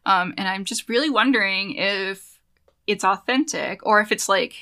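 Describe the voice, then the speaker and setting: A woman's voice: medium pitch, moderate pace, pushed and bright. A woman co-hosting a podcast, chatting casually and animatedly, laughing often and trailing off mid-thought. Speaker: podcast co-host. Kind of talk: casual chat.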